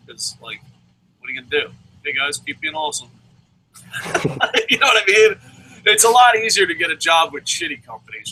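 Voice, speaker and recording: A man's voice: fairly high pitch, sharp tone, a little hiss or hum, low-quality recording. A man co-hosting a wrestling review show in casual chat, swearing often, rambling and laughing as he goes.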